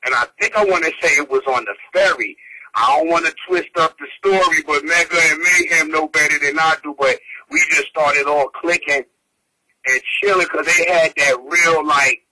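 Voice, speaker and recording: Slangy New man, bright tone. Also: on the high side, moderate pace, low-quality recording. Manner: slangy, laid-back street talk. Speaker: interviewee. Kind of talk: casual storytelling.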